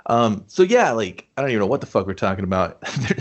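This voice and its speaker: A man's voice: lowish voice, sing-song, fast. A man co-hosting a movie review podcast, rambling casually with swearing and frequent laughter. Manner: rambling, profane, laughs often. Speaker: podcast co-host.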